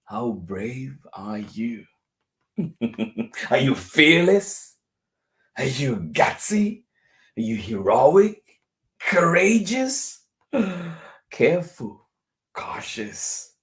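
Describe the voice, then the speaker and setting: A man reads a picture book to children at a very slow, unhurried pace. His pitch rises and falls a great deal, and he plays with the words. At times he sinks into a soft whisper. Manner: playful, expressive, drops to whispers. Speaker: children's story time host.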